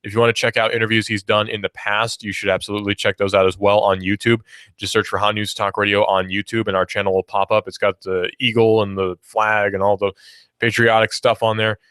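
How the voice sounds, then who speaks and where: A man's voice: on the low side, flat delivery, a little fast, fairly bright tone, smooth, no echo, studio quality. A young man from Georgia hosting a radio talk show, chatting casually about the station lineup and reading news with self-deprecating asides. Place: radio studio. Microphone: studio microphone.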